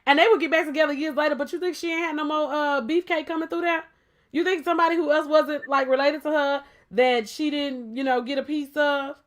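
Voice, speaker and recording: A woman's voice: high voice, steady tone, a little fast. A woman co-hosting a casual podcast debate, talking emphatically and playfully and firing off rhetorical questions. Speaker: podcast co-host.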